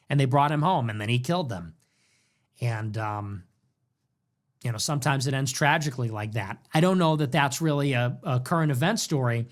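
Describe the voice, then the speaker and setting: A man's voice: fairly high pitch, fairly bright tone. Emphatic, scornful male commentator. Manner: emphatic and scornful, mocking mimicry. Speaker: political commentary host. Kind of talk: casual political commentary.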